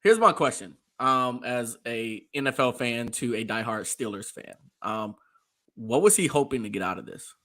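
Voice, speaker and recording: A man's voice: medium pitch, expressive, moderate pace, a bit bright. A man co-hosting a sports talk show, agreeing a lot and chiming in with his own gripes. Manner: agreeable, backchanneling. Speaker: podcast co-host. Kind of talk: casual sports chat.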